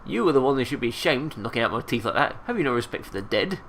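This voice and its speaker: A man's voice: mid-range voice, sing-song, fast talker, fairly bright tone, slight background noise. A man voicing a whining, cowardly talking corpse. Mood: whiny.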